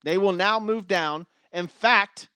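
A man hosting a solo sports talk show, energetic and chatty, laughing at his own takes. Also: high-pitched, takes it slowly, smooth, no echo.

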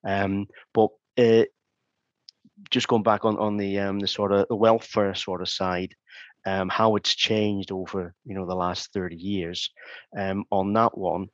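A man's voice: sits low, flat delivery, measured pace, no room sound. A man and former crime scene investigator, talking casually in an interview, hesitant with many ums and restarts. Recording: dull, dry sound.

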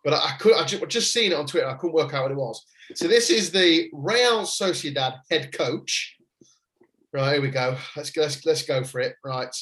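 A man hosting a podcast, telling stories in an excitable, jokey way. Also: on the high side, normal speed. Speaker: podcast host. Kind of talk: casual chat.

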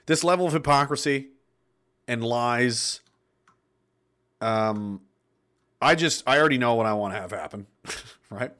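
A man's voice: medium pitch, a little slow, pauses often, a bit bright. A man giving an indignant, sardonic political rant on his vlog and swearing freely. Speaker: political commentator.

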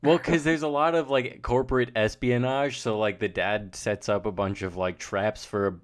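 A man co-hosting a podcast from his home, talking in a somewhat low voice. He swears freely and laughs at himself, keeping the chat loose. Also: fairly even intonation, normal speed, clear, resonant tone. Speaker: podcast co-host. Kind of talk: casual chat. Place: home with roommates.

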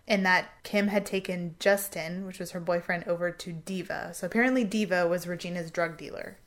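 A woman's voice: on the low side, brisk. A woman, casually telling a true crime story on a podcast and acting out what people said. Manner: animated retelling, acting out quotes with a Southern "y'all".

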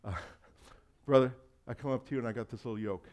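Guy pastor preaching, chatty and jokey, mid pitch, does little voices for people he quotes. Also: steady tone, a little fast, a little mellow. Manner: conversational, acts out quoted voices, laughs often. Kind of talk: sermon.

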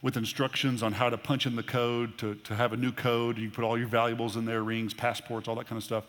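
A man preaching a sermon in a church auditorium, his voice carrying a long reverb from the large room. He speaks emphatically, repeating phrases and leaning on key words. His pitch sits in the middle for a man. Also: level tone, brisk, a bit bright. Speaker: pastor.

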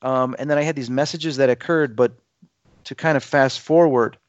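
A man's voice: medium pitch, moderate pace, no room sound. A man in his fifties, a guest telling a personal story in casual conversation, acting out voices as he goes. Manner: animated, acts out dialogue with his voice. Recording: dull lo-fi dry sound.

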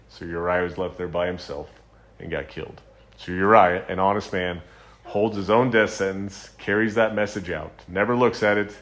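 A man preaching a sermon in a very low, deep voice. He talks plainly and earnestly, with ums and restarts as he goes. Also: fairly bright tone. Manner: conversational, with frequent ums and restarts; retells scripture stories in a low, earnest voice.

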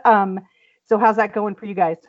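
A woman's voice: medium pitch, steady tone, moderate pace. A woman hosting a casual podcast chat from home, laughing often and using lots of fillers. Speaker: podcast host. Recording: dull lo-fi audio.

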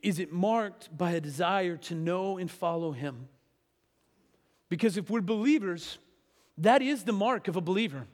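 In a church sanctuary full of long reverb, a pastor with a fairly high voice gives a conversational sermon. He keeps checking in with listeners through frequent tag questions.

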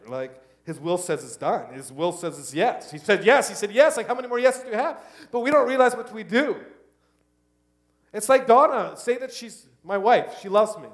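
A middle-aged man preaching a sermon, switching between loud exhortation and quiet, hushed asides. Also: sits high. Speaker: pastor.

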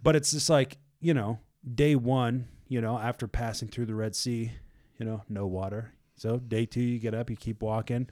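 A man in casual faith chat, retelling a Bible story in a loose, animated way, full of fillers and acted-out voices of a panicked crowd. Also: medium pitch, normal speed, hardly any pauses. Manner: loose and animated, many fillers like "like" and "you know".

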